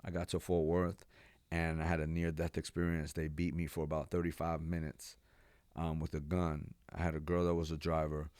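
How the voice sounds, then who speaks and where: A man from Texas, a pastor and podcast guest, telling his life story in a lively, animated way, acting out what people said and laughing now and then. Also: a bass voice, normal speed, smooth, no echo, studio quality. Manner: animated storyteller, acts out quotes, laughs often. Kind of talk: storytelling interview.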